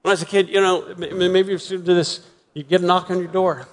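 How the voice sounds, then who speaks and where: A man's voice: sits high, steady tone. Earnest man preaching in a reverberant hall. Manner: earnest, repeats words, drops to soft emphatic pauses. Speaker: pastor. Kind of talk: sermon. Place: church sanctuary.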